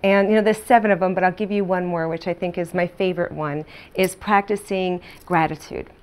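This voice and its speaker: A woman's voice: lowish voice, steady tone, brisk, clear, resonant tone. A woman author as a guest on a talk show, chatting casually and acting out her own inner voice.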